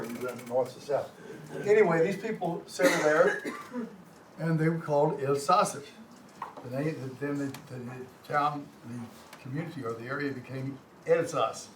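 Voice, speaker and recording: With slides behind him, a Texan-accented older man teaches a community language class, halting and folksy, frequently repeating words and trading jokes with the room. He speaks on the high side, captured by a distant mic in a roomy space with a faint hum.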